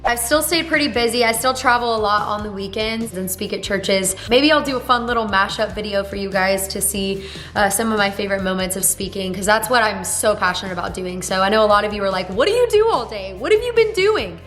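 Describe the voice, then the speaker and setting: A woman's voice: medium pitch, fairly even intonation, fairly quick, a bit bright, faint music behind. A woman in her twenties chatting casually to camera from her home, bubbly and playful, with asides to her viewers. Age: 20s. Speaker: vlogger. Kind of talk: casual vlog chat to camera. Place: home in Dallas, in a swing chair.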